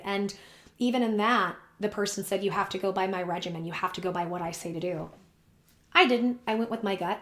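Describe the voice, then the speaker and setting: A woman's voice: mid-range voice, moderate pace, a bit bright. A woman talking casually to her viewers, her voice strained and worn, chatty and earnest. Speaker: vlogger giving predictions. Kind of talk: casual talk to camera. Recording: echoey room.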